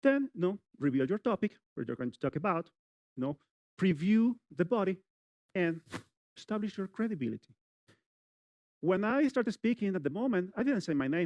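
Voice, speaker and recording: A middle-aged man giving a public speaking lecture at a university, talking straight to the audience in an animated way with many "you know" fillers. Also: sits high, fairly quick, dry recording, highs cut off.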